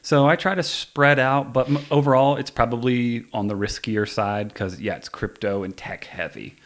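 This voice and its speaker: A man in his forties hosting a podcast, talking in a relaxed way and trailing off softly at the ends of thoughts. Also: medium pitch, moderate pace. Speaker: podcast host. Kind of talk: casual conversation.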